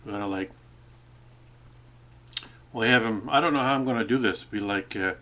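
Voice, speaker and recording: A man's voice: on the low side, normal speed, a bit bright. A man chatting casually into his webcam at a cafe, rambling along with many fillers and restarts. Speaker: vlogger.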